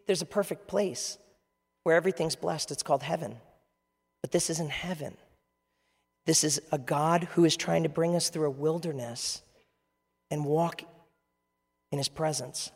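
Pastor guy preaching to his church, kinda high gravelly voice, lots of echo from the big room. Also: fairly even intonation, moderate pace, a little mellow. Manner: conversational preaching, asks the audience questions. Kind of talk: sermon. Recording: long reverb of a large hall.

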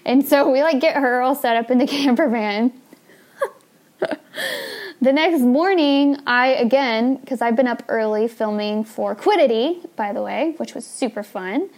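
A young woman hosting a podcast, telling a story in a casual, chatty way with plenty of fillers and laughs. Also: on the high side. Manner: chatty, laughs often, lots of "like" and "you know". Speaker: podcast host.

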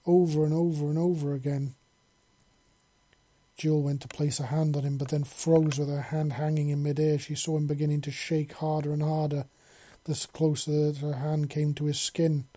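A narrator reading an explicit chapter of a fantasy audio story in a steady, blunt delivery with coarse words. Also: mid-range voice, normal speed, hardly any pauses.

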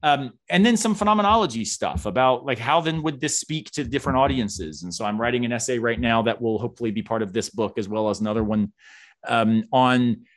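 Middle-aged man, animated storyteller. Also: medium pitch, a little fast. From United States. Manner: animated storyteller, laughs often, frequent fillers. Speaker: philosophy professor guest. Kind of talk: casual conversational interview.

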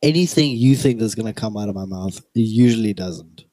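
A man's voice: lowish voice, lively intonation, fairly quick, dark tone, no room sound, clean studio sound. A young man co-hosting a podcast, chatting casually, teasing and laughing often. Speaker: podcast co-host. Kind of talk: casual chat.

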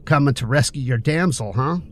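A man's voice: medium pitch, a little fast, a little hiss or hum, lightly acted. A man reading an audiobook, voicing a menacing bully who taunts and threatens his victim.

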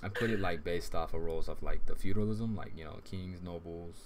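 A man's voice: low voice, a little fast, very noisy. A man hosting a casual podcast on his live stream, talking in a laid-back way with lots of fillers and frequent laughs.

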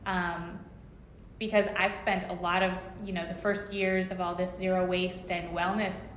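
A woman's voice: lowish voice, level tone, unhurried, fairly bright tone, reverberant, slight background noise. A woman speaking as a guest in a casual interview, talking reflectively about her business with many "like" fillers.

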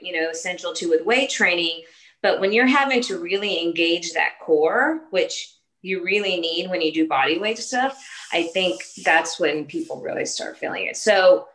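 Bright-voiced woman in her forties, chatty. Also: on the low side, moderate pace, poor audio. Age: 40s. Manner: earnest, talks in short restarting phrases with fillers. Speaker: fitness trainer and competitor. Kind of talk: casual podcast interview.

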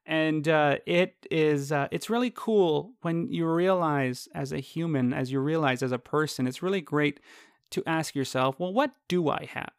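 A man hosts a casual podcast monologue from his home office. He rambles in a chatty way and stops to correct himself mid-sentence. His voice sits a bit high, and the sound is close and dry. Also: a little slow, clear, resonant tone, dry recording. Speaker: podcast host.

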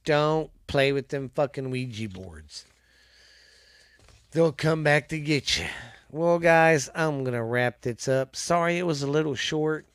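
A man hosting a podcast, reading ghost stories aloud in a halting, casual way with many restarts. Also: fairly high pitch, smooth, no room sound.

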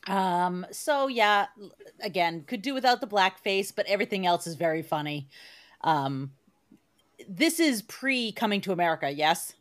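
A woman on a movie review podcast giving measured opinions with dry, mildly exasperated remarks. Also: mid-range voice, animated. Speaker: podcast guest panelist. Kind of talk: casual movie review chat.

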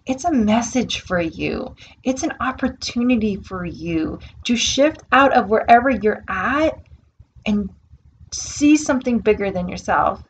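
A woman hosting her own podcast speaks earnestly in a reflective, spiritual self-help monologue, repeating words for emphasis. Her voice is medium-pitched, and the recording is muffled with slight background noise.

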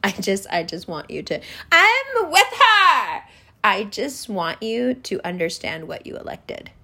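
A woman's voice: medium pitch, lively intonation, moderate pace, fairly bright tone, slightly rough. A woman delivering an angry, profane political rant, scornfully lecturing the viewer directly. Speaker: political commentator.

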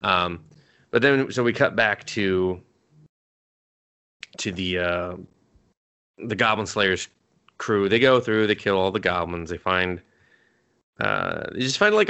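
A man's voice: on the low side, very animated, measured pace, gravelly, pauses often, fairly bright tone. A man co-hosting a podcast, loosely recapping an anime episode in a rambling, profane, filler-heavy way. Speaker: podcast co-host.

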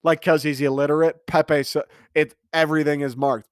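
Young man, twenties, solo podcast host, profane, excitable, rambling, dry close sound. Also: fairly high pitch, moderate pace, few pauses, dry recording. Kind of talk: casual solo podcast monologue.

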